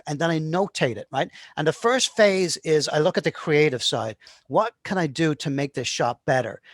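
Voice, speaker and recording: A man's voice: a little high, dry recording, clean studio sound. A man explaining his animation polishing process in a casual tutorial, often checking in with "right?". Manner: casual, keeps asking "right?". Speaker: animation instructor. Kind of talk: screen-recorded tutorial talk.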